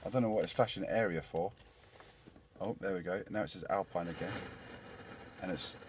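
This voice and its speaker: Male DIY vlogger, lowish voice, casual rambling workshop chat, goofy asides. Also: fairly quick, slight background noise. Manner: rambling and jokey, talking to himself as he works. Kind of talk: casual workshop chat while fitting a stereo.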